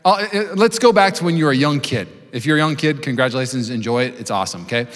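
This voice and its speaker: A man in his thirties preaching a sermon to a congregation, telling stories with acted-out voices and building to loud preaching. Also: medium pitch, animated, fast. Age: 30s. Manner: storytelling, acts out voices, rising to loud preaching. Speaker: pastor. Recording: long hall reverb.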